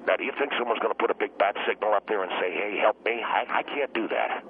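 An actor playing a hot-tempered teacher who guests on a talk show, ranting and stammering in loud bursts. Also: male voice, lowish voice, fast talker, phone-quality sound, slight background noise, close to an everyday voice. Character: blustering middle-aged male teacher, hot-tempered. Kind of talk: comedic radio talk show sketch.

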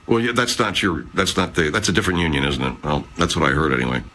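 A livestream host rambles through a casual live chat, swearing and reading out viewer comments in a profane, chatty manner. His voice sits low with lively intonation and a sharp tone, and he talks quickly with few pauses.

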